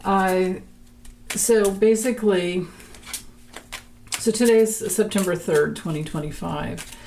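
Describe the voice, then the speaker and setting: A woman's voice: medium pitch, slow pace, mellow, slight background noise. A woman giving a chatty tarot reading, laughing often and restarting her sentences as she talks. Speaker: tarot reader. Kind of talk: casual tarot reading vlog.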